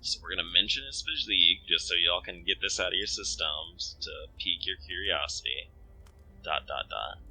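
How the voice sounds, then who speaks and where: A man's voice: low voice, brisk, few pauses, pushed and bright, slight background noise. A man hosting a let's play of a visual novel, commenting in a crude, joking, self-mocking way.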